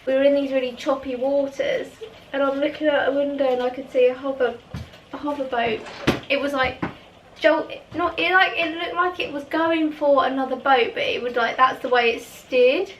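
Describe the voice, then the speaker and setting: A woman's voice: sits high, fairly even intonation, brisk, a bit bright, roomy sound, distant mic, dull audio, a little hiss or hum. A woman telling a long story in a casual, rambling way, often laughing mid-sentence. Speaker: vlogger.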